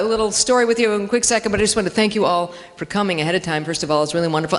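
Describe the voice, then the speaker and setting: A woman doing a chatty, self-mocking stand-up set in a church hall, acting out dialogue in funny voices. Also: medium pitch. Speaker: stand-up comedian. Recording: live in a reverberant hall.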